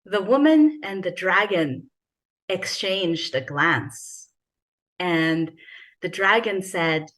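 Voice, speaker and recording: A woman author improvises a holiday fantasy story at a slow pace. She pauses on fillers between thoughts and mid-range pitch carries her narration. She voices the characters' lines with bursts of energy. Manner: hesitant with fillers, lively voicing of dialogue. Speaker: author taking a storytelling turn.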